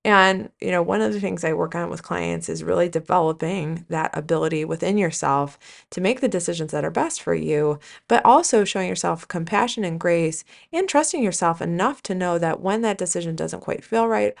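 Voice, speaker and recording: A woman's voice: fairly low pitch, normal speed, gravelly. A woman coach telling a personal story in a casual, reflective monologue, chatty and full of fillers and self-corrections, speaking earnestly to listeners. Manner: earnest, encouraging tone toward listeners. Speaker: life coach and podcast host.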